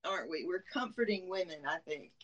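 A woman's voice: on the low side, lively intonation, brisk, a bit bright, lo-fi sound. Southern georgia woman guest, forties, hesitant, lots of ums, candid interview. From Middle Georgia, US. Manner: hesitant, many ums, laughs easily.

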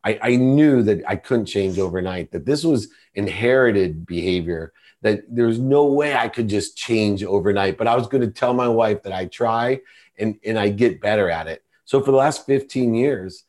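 Middle-aged male podcast guest with a lowish voice, earnest and confessional storyteller. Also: moderate pace, a little mellow. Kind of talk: personal storytelling in conversation.

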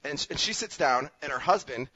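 Lively Minnesota-born man with New York accent. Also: on the high side, slightly rough, no echo. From Minnesota, USA. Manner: animated, self-mocking, quick with restarts. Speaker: podcast host. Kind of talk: casual storytelling chat. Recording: dry, slightly muffled sound.

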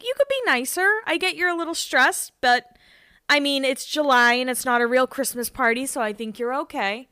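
A young woman hosting a casual solo podcast, rambling and chatty with lots of fillers, her pitch jumping when she gets excited. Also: clean tone, no room sound, studio quality. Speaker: podcast host.

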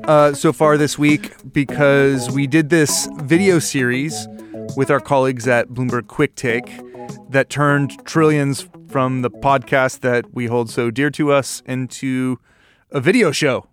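A man's voice: mid-range voice, fairly even intonation, a little slow, music in the background. A man hosting a podcast, bantering in a dry, sarcastic way as he introduces his guests. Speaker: podcast host. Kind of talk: casual podcast chat.

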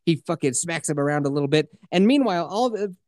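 A man's voice: a little high, quick pace, no room sound, clean studio sound. A man hosting a podcast, retelling a movie in a casual, profane way and slipping into voices. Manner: animated, profane, slips into voices. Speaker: podcast host. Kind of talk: casual movie recap chat.

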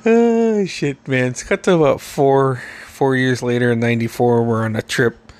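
A man's voice: mid-range voice, fairly even intonation, moderate pace. A man hosting a podcast, telling a rambling, profanity-laced childhood story with frequent laughs. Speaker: podcast host. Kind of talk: casual storytelling.

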